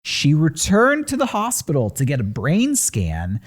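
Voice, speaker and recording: Animated man telling news stories. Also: a little high, unhurried. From San Diego area. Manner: animated storytelling with sarcastic asides. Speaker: podcast co-host. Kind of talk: casual podcast chat.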